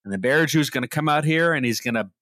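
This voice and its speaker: A man's voice: mid-range voice, lively intonation, fast talker, a bit bright, no room sound, clean studio sound, natural voice. A man putting on a drawling, menacing male army lieutenant in a podcast retelling.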